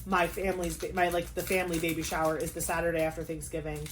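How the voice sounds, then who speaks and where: A young woman chatting casually on her craft vlog, talking fast with lots of "like" and quick asides. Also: on the low side, flat delivery. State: pregnant. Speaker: craft vlogger. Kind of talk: casual chat.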